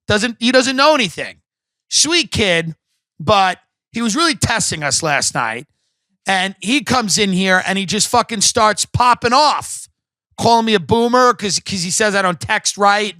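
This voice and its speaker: A man with a high, sharp, tense voice rants emphatically through a comedic podcast monologue, swearing freely. The sound is dry and close, with no room around it. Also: dry recording. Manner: profane, emphatic ranting. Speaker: podcast host.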